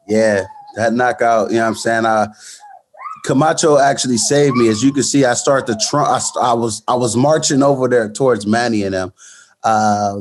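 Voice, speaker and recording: A man, a boxer as guest, telling a fight story in casual interview talk with many restarts and fillers. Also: medium pitch. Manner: many restarts, storytelling, fillers like "you know what I'm saying".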